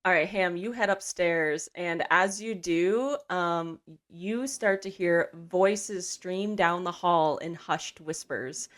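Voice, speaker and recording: A woman's voice: on the low side, slow pace, hardly any pauses. A woman running a tabletop game, narrating scenes in a casual, chatty way. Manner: casual, chatty, laughs easily. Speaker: game master.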